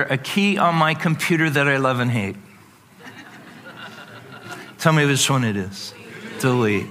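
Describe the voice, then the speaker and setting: A man preaching a sermon to a congregation, animated and playful, acting out voices with sudden jumps in pitch. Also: a little hiss or hum. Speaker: pastor.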